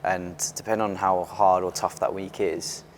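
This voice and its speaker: This guest is a British athlete in his twenties, chatting openly and animatedly in a casual interview and restarting often. He has a deep voice and a moderate pace, and the recording carries a little hiss or hum.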